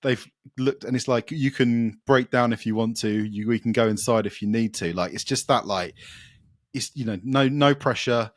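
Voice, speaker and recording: A man's voice: mid-range voice, moderate pace, no echo, clean studio sound. A man co-hosting a podcast, chatting casually and enthusiastically about metal records, rambling with fillers and swearing. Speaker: podcast co-host.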